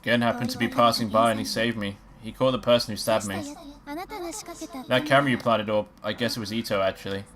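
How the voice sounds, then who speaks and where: A woman's voice: extremely low pitch, fairly even intonation, fairly quick, a crowd in the background. A woman voicing a cheerful young woman while reading game dialogue aloud, speaking lightly and matter-of-factly. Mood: calm.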